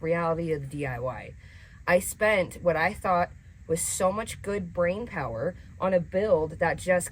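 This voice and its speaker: Woman vlogger, low voice, candid and self-mocking, talking to camera inside a camper. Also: a little hiss or hum. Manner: emotional, candid, self-deprecating. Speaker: DIY vlogger. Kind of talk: casual vlog talking to camera. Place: inside a small camper under construction.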